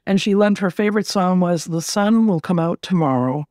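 A middle-aged woman being interviewed, telling a personal story in a gentle, reflective way and often repeating words as she gathers her thoughts. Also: on the low side, normal speed, no echo, studio quality. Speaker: interview guest.

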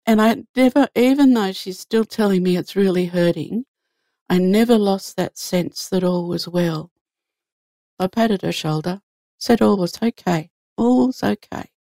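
A woman's voice: on the low side, a little slow, dark tone, dry recording, studio quality. A woman guest telling an earnest spiritual story in an easy conversational way. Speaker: guest sharing a faith story.

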